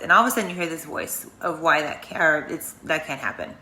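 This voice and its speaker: Low-voiced woman in an echoey room. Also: lively intonation, quick pace, sharp tone, a little hiss or hum. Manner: chatty, rambling, earnest. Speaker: host of a wellness channel. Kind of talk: guided emotional release talk.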